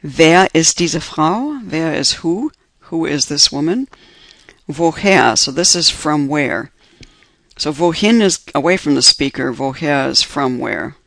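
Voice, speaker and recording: A man's voice: on the high side, vocal fry, bright, forceful tone, no echo. A man teaching an introductory German class over slides, patiently explaining each point step by step and repeating the examples.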